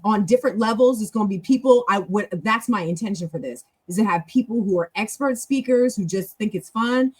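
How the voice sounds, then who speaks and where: A woman's voice: a little high, slightly rough. A woman hosting a casual practice session, talking in a chatty, encouraging way that rambles with restarts. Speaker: host leading a language practice session. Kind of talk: casual teaching talk.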